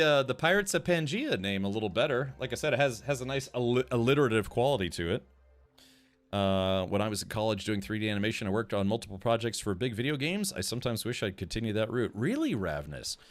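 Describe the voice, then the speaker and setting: A man's voice: fairly low pitch, expressive, fast talker. A man streaming a video game live, chatting casually, rambling and restarting sentences and answering chat as he plays.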